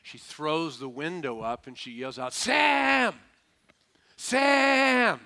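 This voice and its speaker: Brief: male pastor, bright and forceful voice, folksy, emphatic sermon delivery. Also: mid-range voice, moderate pace. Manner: emphatic, calls for audience responses; folksy and humorous.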